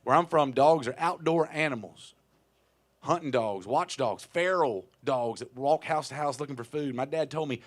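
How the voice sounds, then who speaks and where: A man's voice: mid-range voice, moderate pace. Wry, profane man telling a stage story. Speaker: touring singer-songwriter telling a story on stage. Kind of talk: onstage storytelling between songs. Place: small live music venue.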